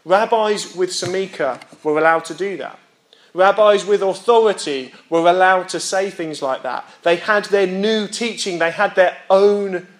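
High-voiced young man preaching. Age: young adult. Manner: explains and checks in with listeners; reads scripture aloud and voices rhetorical questions. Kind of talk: sermon.

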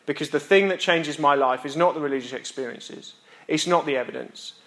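A British man preaching a sermon, earnest with emphatic pauses and wry self-deprecating humor. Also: on the high side, fairly bright tone, roomy sound. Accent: British English.

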